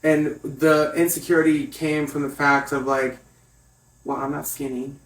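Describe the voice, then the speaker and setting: A young man from Connecticut, a makeup artist telling his story as a guest in a casual interview, animated and quick to act out other people's voices. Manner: animated storyteller, acts out high voices when quoting others. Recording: echoey room, mic at a distance.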